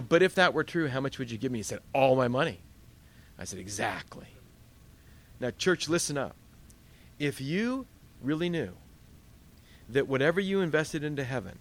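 Middle-aged male pastor, sermon delivery, fairly high pitch, animated storyteller. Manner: storytelling, animated with quoted voices.

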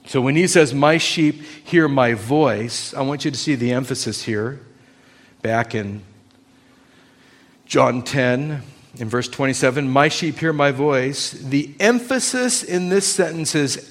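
A man's voice: medium pitch, slow pace. A man preaching a sermon, emphatic and arguing through rhetorical questions.

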